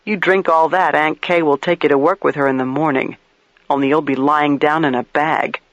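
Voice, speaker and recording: A man's voice: fairly high pitch, fairly even intonation, normal speed, fairly bright tone, no room sound. A blunt, cutting young woman, dry and sarcastic, as a male narrator puts her on. The read is close and dry, a bit muffled.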